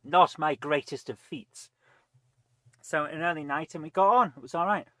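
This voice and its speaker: A man's voice: fairly high pitch, normal speed, pushed and bright, no room sound. A man chatting casually on a live game stream, rambling, reading viewer comments aloud and eating between remarks. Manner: rambling, reads chat aloud, eats while talking.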